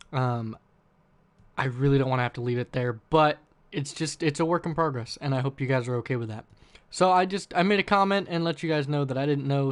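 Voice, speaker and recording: A man hosting his video game channel, chatting casually through a basketball franchise game with plenty of fillers and restarts. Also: medium pitch. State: hiccuping. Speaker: gaming channel host. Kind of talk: casual gameplay commentary.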